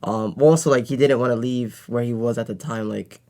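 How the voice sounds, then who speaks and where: A man's voice: medium pitch, fairly even intonation, a little fast, warm tone. A man co-hosting a casual podcast, rambling with lots of filler words. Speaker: podcast co-host.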